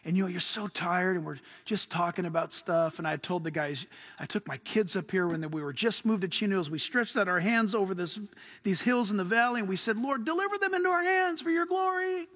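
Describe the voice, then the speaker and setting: Bright-voiced pastor preaching with laughter. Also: male voice, sits high, fairly quick. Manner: lively storytelling, laughs often. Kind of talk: sermon.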